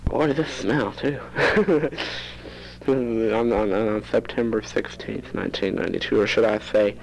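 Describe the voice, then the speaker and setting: A man's voice: lowish voice, normal speed, gravelly, noisy background. A teenage boy rambling into a home cassette recorder for his audio diary, chatty and prone to giggling. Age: teens. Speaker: student keeping a tape diary.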